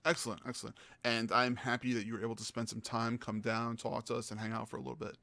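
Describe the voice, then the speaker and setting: A man hosting a gaming podcast, telling stories in a casual, animated way and acting out the people he quotes. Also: medium pitch, fast, creaky. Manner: animated, acts out quoted voices. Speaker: podcast host. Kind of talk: casual storytelling chat.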